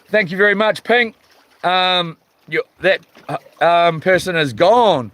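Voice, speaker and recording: A man's voice: sits high, takes it slowly, pushed and bright, clear, resonant tone, no echo, poor audio. A man with a New Zealand accent hosting a casual live stream, reading chat comments in a laid-back way with lots of ums and chuckles.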